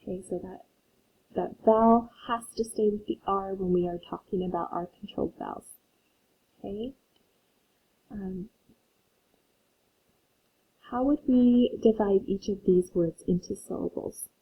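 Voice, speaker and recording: Over tinny, phone-like audio, a woman with a husky, medium-pitched voice teaches phonics to children. She reads a story aloud slowly and patiently, pausing to explain syllables for the young learners.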